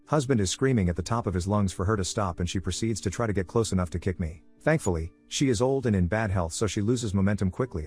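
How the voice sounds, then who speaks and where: A man reading a first-person story aloud as scripted narration at an even, quick clip. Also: on the low side, husky. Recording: narration over faint background music.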